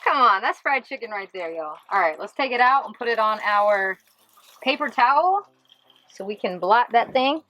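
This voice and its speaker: A woman's voice: on the high side, moderate pace, muffled recording. A woman hosting a cooking vlog from a small camper van kitchen, talking to viewers in a playful, exclamatory way. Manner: excitable, playful, exclamatory, addresses viewers directly. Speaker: cooking vlogger. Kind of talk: casual cooking demonstration.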